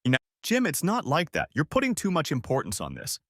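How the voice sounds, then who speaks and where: A man voicing a calm woman who speaks softly but firmly, in a story audiobook. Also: a little high, brisk, dry recording, clean studio sound, voice pushed up, full character voice. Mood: soothing. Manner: soft but firm, soothing. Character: calm persuasive woman, the wife's friend. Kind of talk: audiobook character voice.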